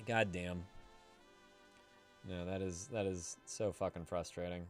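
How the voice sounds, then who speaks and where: A man's voice: low-pitched, fairly even intonation, takes it slowly, faint music behind. A man in his thirties streaming live from home, reading viewers' messages aloud and ranting about them with a lot of swearing. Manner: profane, indignant ranting.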